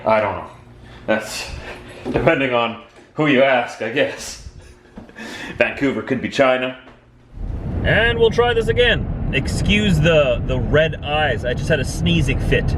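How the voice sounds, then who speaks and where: A man's voice: mid-range voice, background noise. A man driving a truck and vlogging, telling a long story with rising exasperation. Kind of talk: casual vlog rant. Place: in and around a truck, near traffic.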